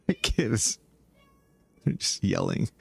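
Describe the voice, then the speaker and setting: A man thinking aloud and talking to his viewers in let's-play commentary, moving from calm planning to loud outcries. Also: on the low side, extremely slow, gravelly, slightly rough, dry recording. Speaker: gaming video creator.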